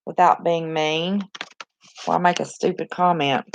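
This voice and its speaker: A chatty, excitable woman with a Southern West Virginia accent, hosting a casual live chat from a cluttered bedroom on a phone. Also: low voice, unhurried, creaky, slight background noise. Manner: chatty, excitable, talks to viewers and reacts to the chat. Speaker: live stream host.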